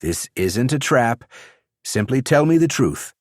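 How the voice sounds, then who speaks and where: A man voicing a calm, confident young male warrior who speaks firmly and levelly. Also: mid-range voice, measured pace, no echo, studio quality, voice pushed up.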